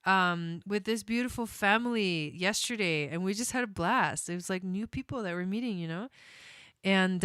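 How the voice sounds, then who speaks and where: A woman's voice: medium pitch, fairly bright tone, clear, resonant tone, no room sound, clean studio sound. A young woman chatting casually on a live stream, bubbly and prone to tangents, laughing often while giving astrology readings.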